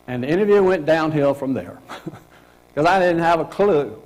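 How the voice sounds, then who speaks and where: A man's voice: a little high, animated, unhurried, long pauses, darkish tone, poor audio. A middle-aged man presenting a career workshop to a group in a meeting room, speaking casually and acting out example lines with a laugh.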